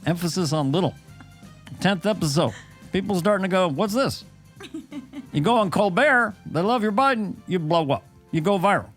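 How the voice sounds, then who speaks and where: A man doing a comedic impression of a former male president who gives a teasing lecture full of pauses and fillers. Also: sits high, lively intonation, fairly bright tone, soft background music.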